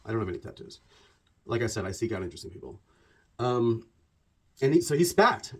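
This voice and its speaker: A man delivering a conversational storytelling monologue about religion. He talks in an animated, digressive way and piles up repeated words. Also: mid-range voice, brisk, breathy edge. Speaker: religious commentator.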